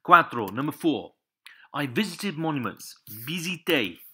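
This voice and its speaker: A man's voice: fairly high pitch, sing-song, unhurried, bright, forceful tone, slight background noise. A man giving a patient Spanish lesson, repeating each word and pointing out the accents again and again. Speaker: Spanish teacher. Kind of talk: step-by-step language lesson.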